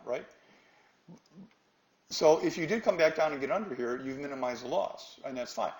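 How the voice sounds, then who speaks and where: A man's voice: mid-range voice, normal speed, pauses often, echoey room, low-quality recording. A man teaching a live trading class, emphatic and quizzing his students with questions. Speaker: trading instructor.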